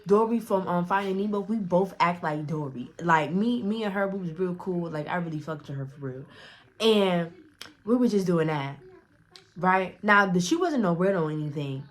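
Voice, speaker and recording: A woman's voice: on the low side, lively intonation, moderate pace. A young woman telling a casual storytime, rambling in slang with many restarts and acted-out quotes. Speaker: storyteller vlogger.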